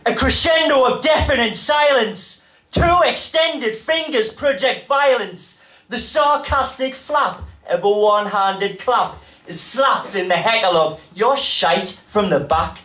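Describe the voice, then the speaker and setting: A man with a Geordie accent performing spoken-word poetry on stage, with dramatic delivery and sudden loud bursts. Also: very high-pitched, a little slow, far from the mic. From North East England. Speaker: poet. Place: pub venue with a live audience. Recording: roomy live pub recording from afar.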